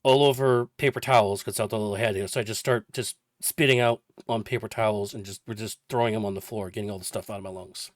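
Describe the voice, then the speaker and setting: A man's voice: lowish voice, fairly even intonation, fast talker, hardly any pauses, no room sound, clean studio sound. A man in his forties casually recounting a personal story for a vlog, chatty and rambling with lots of detail. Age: 40s. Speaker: vlogger.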